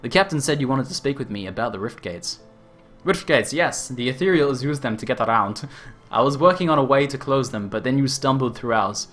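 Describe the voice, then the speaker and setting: A man's voice: medium pitch, lively intonation, fairly quick, a bit bright, soft background music, close to an everyday voice. A man voicing an eccentric, reckless male scientist-inventor in an over-the-top Australian stereotype accent, reading game dialogue with a cackle. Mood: cheery rambling. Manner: exaggerated, cackling quest-text reading.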